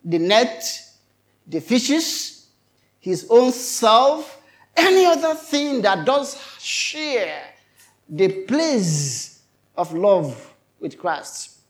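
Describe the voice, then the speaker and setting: Slow, high-voiced preacher man. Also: very animated. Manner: emphatic, repeats phrases, questions the congregation. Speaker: pastor. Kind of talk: sermon.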